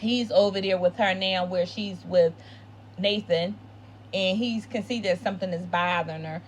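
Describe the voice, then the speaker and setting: A woman's voice: on the low side, fairly even intonation, normal speed, a little hiss or hum. A woman hosting a casual TV episode recap, talking in an opinionated way and repeating phrases for emphasis.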